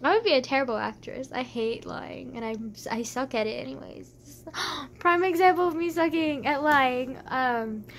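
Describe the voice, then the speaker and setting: A young woman with a high voice talks straight to camera in a loose, rambling way. She giggles often and fills her sentences with "like" and "um". Faint room ambience sits under her voice. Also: animated, moderate pace, few pauses, a bit bright, a little hiss or hum. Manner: rambling, giggly, many fillers. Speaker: vlogger. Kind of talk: casual chat to camera.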